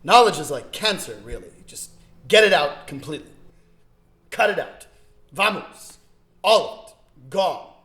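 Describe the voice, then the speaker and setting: Pompous method-acting guru played by a man, lively swooping delivery, echoey far-off room. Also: sits high, measured pace, pauses often. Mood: grandiose. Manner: grandiose, theatrical lecturing. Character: pompous self-important male acting guru. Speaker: acting teacher.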